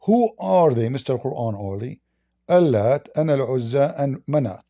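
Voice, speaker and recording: A man's voice: mid-range voice, expressive, normal speed, mellow, dry recording. A man hosting a heated religious debate, challenging and mocking his opponent. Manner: challenging, mocking, talks over the other. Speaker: debate host.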